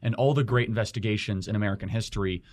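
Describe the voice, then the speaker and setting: A man hosting a studio talk show, recounting examples briskly and checking in with "right?". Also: on the low side, darkish tone. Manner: brisk, storytelling, ends points with "right?". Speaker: show host. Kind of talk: studio conversation. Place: radio studio.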